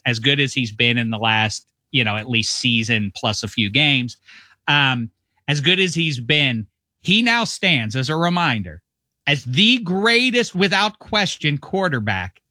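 A bright, lively man from the Midwest talks sports over a video call. His speech rambles and jumps about, full of restarts and comic asides. The sound is dry and close. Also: medium pitch, unhurried, no echo. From US Midwest, Rust Belt. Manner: rambling, animated, does mock voices. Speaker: football show host, guest.

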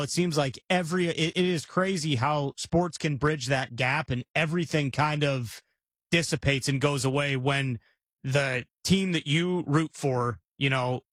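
A man's voice: a little high, fairly bright tone, dry recording. A man co-hosting a sports podcast, agreeable and loose, often restarting his sentences. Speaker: podcast co-host. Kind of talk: casual sports talk.

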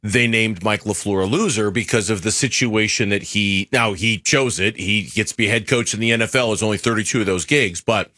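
A man's voice: brisk, hardly any pauses, dry recording, studio quality. A man hosting a sports radio show, bantering casually and running a caller contest with frequent laughs and playful swings in his voice. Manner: animated, laughs often, swings pitch up for emphasis.

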